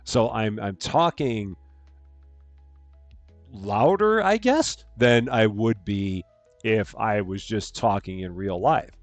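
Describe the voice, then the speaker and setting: A man casually chatting on a live game stream, reading chat aloud and greeting viewers while projecting a bit louder than normal from his room. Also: on the low side, animated, slow, dry recording, soft background music. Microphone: headphones on, desk mic.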